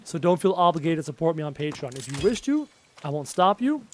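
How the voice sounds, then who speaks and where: A man giving chatty live gameplay commentary, excitable and often yelping at enemies. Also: a little high, fast talker, slight background noise. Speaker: gaming YouTuber.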